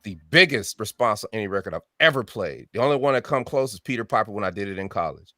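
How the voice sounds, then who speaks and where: A man in his fifties with a lowish voice tells his story as an interview guest. He acts out the voices of the people he quotes and keeps tagging his sentences with "right?". The sound is close and dry, with no room echo. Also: expressive, quick pace, pushed and bright. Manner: frequent tag question "right?". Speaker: music artist guest.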